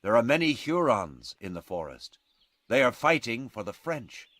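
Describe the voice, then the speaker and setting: A man voicing a calm, steady frontier scout who gives quiet, cautious commands. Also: medium pitch, normal speed, no room sound.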